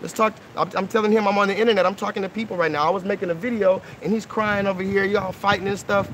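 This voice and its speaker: High-pitched man, thirties, earnest coaxing tone, live-streaming by a pool on a phone, faint noise behind. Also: steady tone, quick pace. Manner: earnest, coaxing, keeps asking "okay?" and "right?". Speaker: livestream host. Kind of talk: casual live-stream talk with kids. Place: outdoors by a pool.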